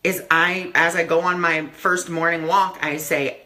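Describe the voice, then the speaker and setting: Guy doing a live video talk on spirituality, super earnest, bright forceful voice, lots of you knows. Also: on the high side, fairly even intonation, measured pace, few pauses. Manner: earnest, repeats affirmations, many "you know" fillers. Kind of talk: casual live-stream talk.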